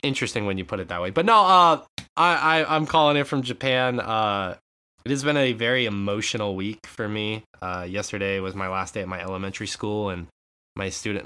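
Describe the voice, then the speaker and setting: Animated young man, bright voice. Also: fairly low pitch, clean tone. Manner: animated storyteller, swearing, laughing often. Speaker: podcast co-host. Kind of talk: casual chat.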